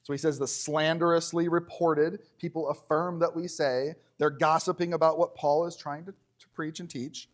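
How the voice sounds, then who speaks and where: A man preaching a conversational sermon in a church, animated and joking, slowing down when he reads scripture. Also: on the high side.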